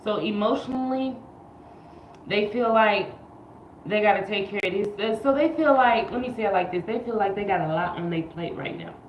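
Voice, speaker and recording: A woman's voice: mid-range voice, moderate pace, a little hiss or hum. A woman giving a casual livestream tarot reading, chatty and slangy, repeating her phrases and sometimes half-singing. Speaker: tarot reader. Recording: echoey room, muffled lo-fi sound.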